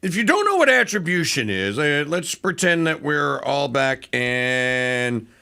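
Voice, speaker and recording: Gravelly, bright-toned male talk radio host, opinionated and animated. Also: on the high side, unhurried. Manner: animated, mocking, breaks into voices.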